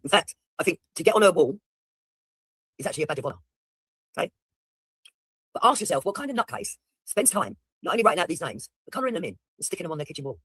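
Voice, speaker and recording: A man's voice: a little high, sing-song, fast, long pauses, pushed and bright, slightly rough, dry recording, studio quality. A man giving blunt, mocking, profane commentary while reacting to a video.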